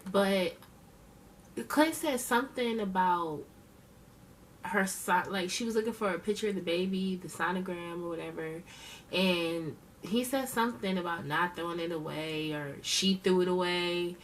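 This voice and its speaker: A woman's voice: lowish voice, measured pace, recorded from a distance, slight background noise. A woman giving blunt, slangy, profane casual commentary as a reality show reviewer, talking straight to her viewers. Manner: chatty, addresses viewers directly.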